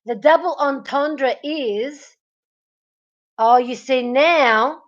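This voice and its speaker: A woman's voice: sits high, extremely slow. A woman hosting a casual live stream, teasing viewers by name and laughing a lot as she reads the chat. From Melbourne, Australia. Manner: giggly, teasing, talks to chatters by name. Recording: dull lo-fi stream audio.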